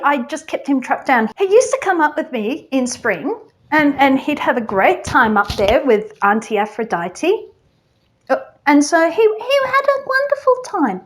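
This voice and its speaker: A woman playing a flippant, gossipy goddess queen of the underworld in a chatty comic monologue full of "like" and "you know". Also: sits high.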